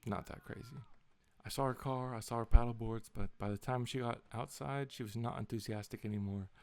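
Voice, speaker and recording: A man's voice: medium pitch, steady tone, fairly quick. A young man in a casual, rambling vlog, retelling a story in an exasperated tone with lots of swearing. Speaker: vlogger.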